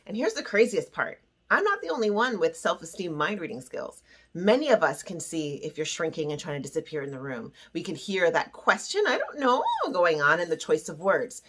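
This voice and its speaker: A woman's voice: low voice, lively intonation, a little fast, a bit bright, slightly rough. A woman hosting a self-esteem lesson, teaching in a playful, theatrical way and acting out little quoted voices. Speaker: self-esteem coach and show host.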